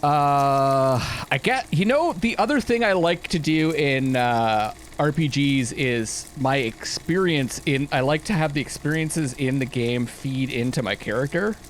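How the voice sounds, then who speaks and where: A man's voice: mid-range voice, animated, unhurried, hardly any pauses, slight background noise. Chatty man thinking aloud over a game. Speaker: let's play host. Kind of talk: casual gameplay commentary.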